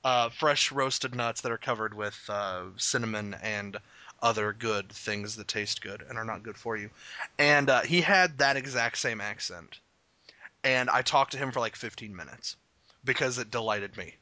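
A man from Arkansas co-hosting a casual chat, excitable and profane, laughing often. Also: mid-range voice, moderate pace, no echo. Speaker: podcast co-host.

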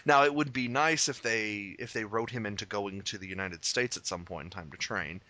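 A man co-hosting a podcast in casual chat, wry and joking, with quick asides. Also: fairly low pitch, bright, forceful tone. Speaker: podcast co-host.

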